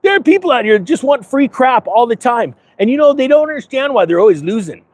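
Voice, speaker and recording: A man's voice: very high-pitched, sing-song, fast talker, heavily acted. A man playing a smug, self-important financial advisor persona, talking sarcastically and rambling to camera outdoors. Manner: sarcastic, boastful, rambling with asides. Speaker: finance vlogger. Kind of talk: comedic persona monologue to camera. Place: outdoors in front of a big-box store.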